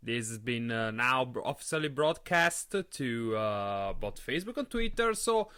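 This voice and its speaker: A young man hosting a live solo podcast, talking in an excitable way and often stumbling over and repeating his words. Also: medium pitch, normal speed, clean tone. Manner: animated, excitable. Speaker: podcast host.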